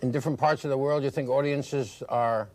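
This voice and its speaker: A man hosting a TV interview in a studio, firing off quick probing questions. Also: medium pitch, steady tone, a little mellow. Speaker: TV interviewer, host.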